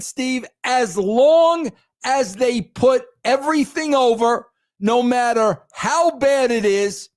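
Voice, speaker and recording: High-pitched, slow, exasperated man ranting. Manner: exasperated, crude, repeats himself for emphasis. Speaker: host. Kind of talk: ranting commentary.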